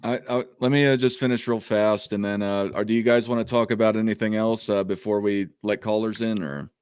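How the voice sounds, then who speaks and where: A man with a lowish, smooth, resonant voice moderates a sports live stream, stopping and restarting with plenty of fillers. He is recorded dry and close. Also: steady tone, a little mellow, no room sound. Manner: halting, filler-heavy. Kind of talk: casual live-stream chat.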